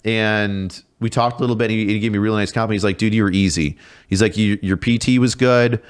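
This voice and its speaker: Low-voiced man telling profane stories. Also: steady tone, fast, smooth. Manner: profane, laughing storyteller, acts out quoted voices. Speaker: podcast guest. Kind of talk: casual storytelling chat.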